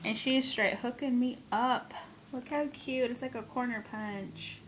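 Crafting vlogger, woman, high voice, unhurried, excitable gusher; noisy home recording. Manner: gushing and excitable, gasps and repeated exclamations. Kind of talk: casual unboxing haul video. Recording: steady background noise.

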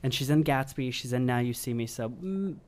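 A man co-hosting a casual movie podcast, talking in a gushing, animated way with quick asides. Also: mid-range voice. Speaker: podcast co-host. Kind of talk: casual chat.

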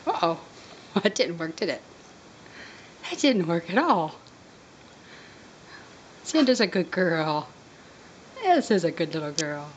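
A woman's voice: on the low side, animated, takes it slowly, long pauses, lo-fi sound, slight background noise. Woman cooing in sing-song pet talk. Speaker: dog foster carer. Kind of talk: home video talking to a dog. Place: home with dogs.

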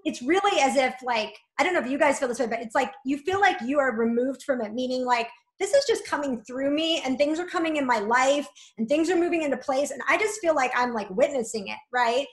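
A woman guest talking in a flowing, gently encouraging way, often adding "like" and "right?". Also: high voice, animated, a little fast, few pauses, echoey room. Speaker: guest, spiritual coach. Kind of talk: reflective conversational interview.

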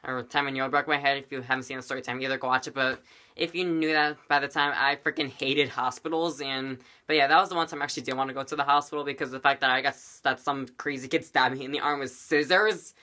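Male vlogger, storytime, rambly and dramatic, bright tone, middle pitch. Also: fairly even intonation, fast. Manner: rambling, many fillers, dramatic. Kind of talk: storytime vlog.

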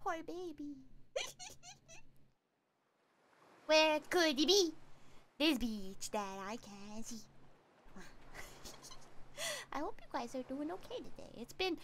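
A woman streamer with a high, sharp voice, chatting through a game. Her pitch leaps wildly as she gets excited, and she laughs and swears freely. Her throat sounds slightly scratchy. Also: a little slow, pauses often. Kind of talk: casual game-stream chat.

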